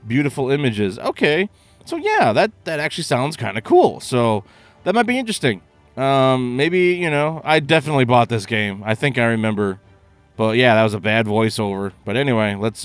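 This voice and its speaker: Profane, animated male game reactor. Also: medium pitch, clear, resonant tone. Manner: profane, exasperated, rambling. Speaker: gaming video host. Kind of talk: reaction commentary.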